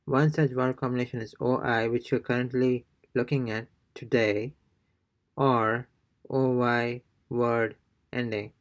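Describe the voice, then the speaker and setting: Slow, halting male language teacher. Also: medium pitch, little pitch movement. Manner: halting, many fillers and restarts, explains by reading from notes. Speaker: Spanish teacher. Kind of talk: online pronunciation lesson.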